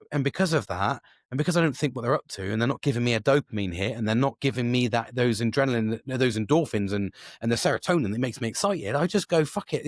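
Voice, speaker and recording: Sweary, animated man in his forties. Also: medium pitch, no echo, clean studio sound. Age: 40s. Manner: rambling, swears often, many restarts. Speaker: podcast host. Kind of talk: casual solo monologue.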